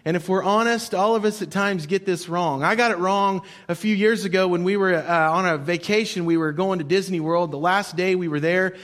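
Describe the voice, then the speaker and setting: High-voiced storytelling pastor. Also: male voice, fairly quick, hardly any pauses, fairly bright tone. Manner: conversational storytelling, repeats key points. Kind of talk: sermon.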